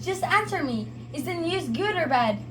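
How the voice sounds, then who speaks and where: A woman's voice: very high voice, big pitch swings, moderate pace, slight background noise, poor audio. A woman playing an impatient young girl who pleads to hear the news, in a student stage play. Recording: music behind.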